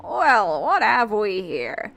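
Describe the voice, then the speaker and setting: Taking it slowly in a mid-range, sing-song voice with a fairly bright tone, a woman heavily acts out a boastful, eccentric old male dojo master from a video game. She reads the game dialogue aloud with a slightly British put-on accent and a grandiose, theatrical flair.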